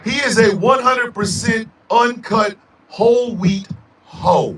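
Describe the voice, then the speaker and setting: A man hosting a radio show, delivering a loud, profane, emphatic rant. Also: sits high, slow. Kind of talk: angry ranting monologue. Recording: echoey room, mic at a distance.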